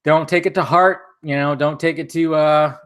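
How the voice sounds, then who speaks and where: Young male stream host, casual and chatty, a little high-pitched, answers comments loosely. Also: steady tone, moderate pace, a bit bright, clean tone. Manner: laid-back, chatty, swears casually. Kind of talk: casual live-stream chat, reading viewer comments.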